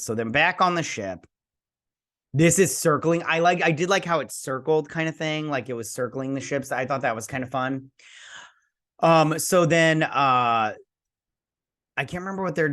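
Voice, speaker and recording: A man's voice: mid-range voice, a bit bright. A man hosting a show, giving a casual spoken review of a TV episode in a rambling, chatty way, swearing now and then and briefly mimicking characters.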